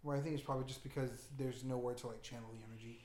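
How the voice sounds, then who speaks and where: A man's voice: mid-range voice, fairly even intonation, racing, mellow, a little hiss or hum. A young man co-hosting a podcast in casual chat, telling stories in a rambling, stammering way and swearing freely. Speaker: podcast co-host. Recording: echoey room.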